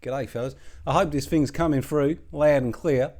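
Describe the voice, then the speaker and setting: A man with a slightly high, darkish voice speaks at normal speed with fairly even intonation, lightly acting a crude, gossipy middle-aged Australian bloke with a put-on accent. In this comic monologue he rambles, swears, uses colloquial banter, and does mocking impressions.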